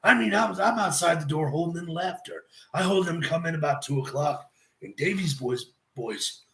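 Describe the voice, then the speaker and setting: A man doing an impression of a gruff, profane veteran wrestler telling road stories in a low, slow drawl. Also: expressive, pushed and bright, roomy sound. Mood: mischievous.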